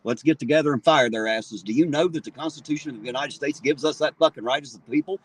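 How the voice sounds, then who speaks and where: A man's voice: mid-range voice, fast talker, breathy edge. A man, ranting angrily and with plenty of swearing on a street livestream, talking into his phone outdoors. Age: 40s. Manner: profane, fired-up ranting. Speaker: livestream host. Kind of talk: angry street livestream rant.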